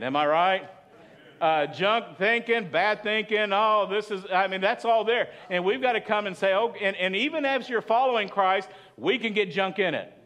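A man's voice: high-pitched, a bit bright. A man preaching a sermon as pastor, chatty and asking the congregation questions. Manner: conversational, asks the congregation questions.

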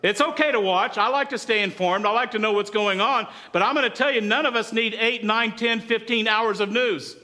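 High, bright-voiced middle-aged male pastor. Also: fairly quick, hardly any pauses. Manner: lively storytelling, asks the congregation for responses. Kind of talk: sermon. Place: church before a congregation.

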